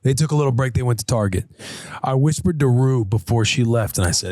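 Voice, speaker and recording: A man's voice: mid-range voice, fairly quick, dry recording. A chatty male podcast host, dry studio sound. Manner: animated storytelling with voiced quotes. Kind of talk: casual chat.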